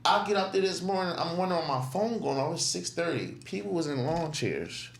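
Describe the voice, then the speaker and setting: A man's voice: fairly high pitch, fairly quick, creaky. A man, a podcast guest who tells casual, profane stories and acts out what he said back then. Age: 20s. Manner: profane, animated, acts out his own past remarks. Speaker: podcast guest, clothing brand owner. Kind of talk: casual storytelling. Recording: roomy echo.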